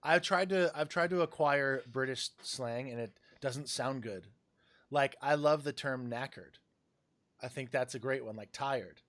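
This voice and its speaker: A man's voice: medium pitch, a little slow, fairly bright tone. Laid-back man, casual chat. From United States. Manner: laughs easily, playful, trails off mid-sentence.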